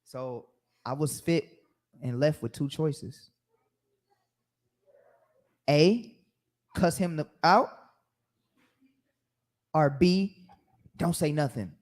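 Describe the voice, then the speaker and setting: Animated man teaching the Bible. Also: on the high side, drawn-out words, pauses often. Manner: animated storytelling, acting out quoted voices. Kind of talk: sermon-style Bible teaching.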